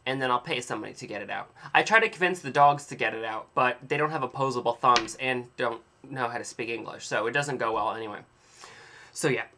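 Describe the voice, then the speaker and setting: A man's voice: medium pitch, fast, bright, forceful tone, a little hiss or hum. A young man rambling in a casual video diary, telling an exaggerated, dramatic story with playful self-mockery. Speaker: vlogger.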